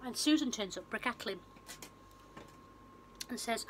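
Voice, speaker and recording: A woman's voice: on the high side, animated, measured pace, pauses often, slight background noise, low-quality recording. A woman chatting on her vlog, rambling through a film plot with lots of fillers and restarts, recorded on a phone. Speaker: vlogger and film reviewer. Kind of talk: casual retelling of a film plot.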